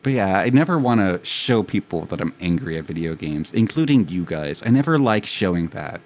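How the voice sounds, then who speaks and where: Young adult male streamer, casual and profane, rambling self-mocking chat, slightly low pitch. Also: lively intonation, moderate pace, darkish tone.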